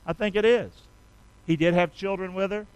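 A middle-aged man preaching a sermon, calling on the congregation to repeat lines with him and rising loud on key phrases. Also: high-pitched, fairly even intonation, normal speed, smooth, poor audio. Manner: call-and-response preaching, asks congregation to repeat. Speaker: pastor.

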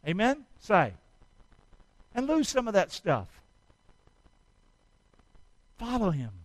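A man preaching a sermon, asking his congregation to answer back and building up to loud, fervent cries. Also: sits high, huge pitch swings, unhurried, no room sound, rough recording. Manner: call-and-response preaching, rising to shouts. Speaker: pastor.

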